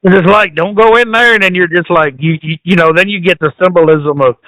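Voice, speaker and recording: A man hosts a casual podcast, easygoing and quick to laugh, with plenty of swearing. His voice sits high and bright, recorded dry with no room sound. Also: no room sound, rough recording. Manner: laid-back, laughs often, swears. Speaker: podcast host. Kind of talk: casual chat.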